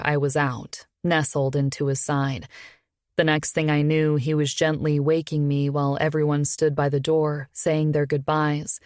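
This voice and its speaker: A woman narrating a first-person romance audiobook in an intimate, even storytelling manner. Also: deep voice, no room sound, studio quality.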